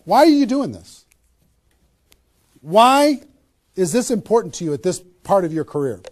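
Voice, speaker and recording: High-voiced energetic man giving a sales seminar. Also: normal speed. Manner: energetic, emphatic, rhetorical questions. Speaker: network marketing trainer. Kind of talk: motivational seminar talk. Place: seminar room with a small audience.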